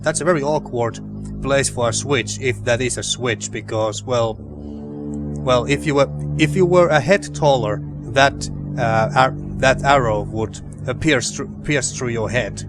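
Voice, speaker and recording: Homme commentant un jeu, pensée à voix haute. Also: male voice, mid-range voice, a little slow. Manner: rambling, thinking aloud with restarts. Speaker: let's play host. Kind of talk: casual gameplay commentary. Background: game music.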